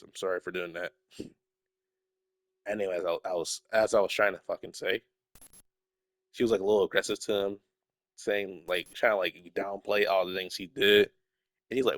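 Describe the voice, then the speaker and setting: A young man with a lowish voice rambles on in a loose, casual chat, swearing freely and sometimes sinking into a mumble. He sounds a little sick, with a stuffy nose. The recording is dry, with no room sound. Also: fairly bright tone, no echo. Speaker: YouTuber.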